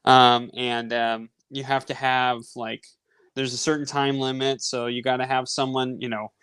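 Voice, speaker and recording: A man in his thirties hosts a sports podcast, telling a long, casual story in a rambling, animated way packed with fillers. His mid-range voice is clear and resonant, at a moderate pace in a dry recording.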